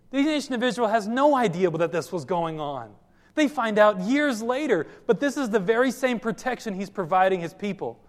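A man preaching a sermon with lively storytelling, speaking directly to the people in front of him. His voice is high for a man. Long reverb from a large hall hangs on every phrase. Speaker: pastor.

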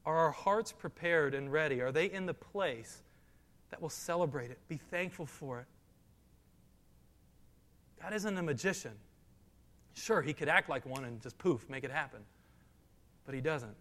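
A male pastor preaching, his voice rising and pressing hard on the scripture he reads aloud. His voice sits high for a man. The sound carries a long reverb, as if in a large hall. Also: normal speed, long pauses, a bit bright. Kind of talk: sermon.

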